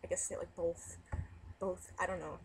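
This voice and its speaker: A woman's voice: lowish voice, little pitch movement, normal speed, husky, poor audio. A young woman, casually reading a dialect word list and rambling through her answers. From United States. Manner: rambling, self-questioning asides.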